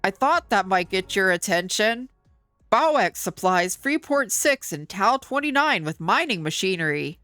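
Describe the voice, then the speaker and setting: Gruff male barfly, goofy put-on brogue, done by a woman streamer. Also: mid-range voice, big pitch swings, unhurried, sharp tone, no room sound, studio quality, soft background music. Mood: teasing. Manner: mock-folksy drawl with a put-on brogue. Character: gruff male space barfly, mixed accent.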